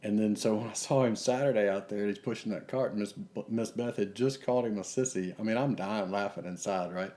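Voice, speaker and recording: Guy rambling thru a golf story, low warm voice, podcast chat. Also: fairly quick, hardly any pauses. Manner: rambling anecdotes, acting out quotes. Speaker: podcast co-host.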